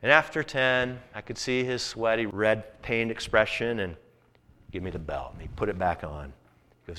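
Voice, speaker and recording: A man's voice: on the low side, normal speed, sharp tone. A man pastor telling a story in a sermon, in a folksy, conversational way.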